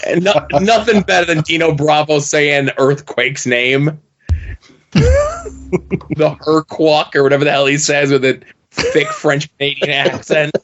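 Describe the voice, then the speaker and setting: A man's voice: on the high side, normal speed, a bit bright, dull audio. Wry man hosting a wrestling podcast. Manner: wry, joking asides. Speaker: podcast host. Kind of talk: casual chat.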